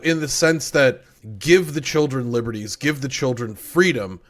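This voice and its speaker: A man's voice: mid-range voice, normal speed, a bit bright. A man co-hosting a podcast, chatting about an anime in a rambling, dry and joking way. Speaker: podcast co-host. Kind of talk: casual anime review chat.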